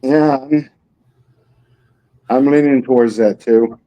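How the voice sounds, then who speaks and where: A man's voice: mid-range voice, slow pace, lo-fi sound. A man co-hosting a casual chat about football picks, swearing and joking as he goes. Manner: profane, joking banter. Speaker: podcast co-host.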